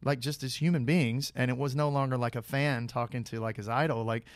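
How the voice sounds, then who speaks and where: Male podcast guest, mid-pitched, animated storyteller with lots of fillers, close dry sound. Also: a little fast, no echo. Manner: animated anecdotes, many fillers and restarts. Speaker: guest actor.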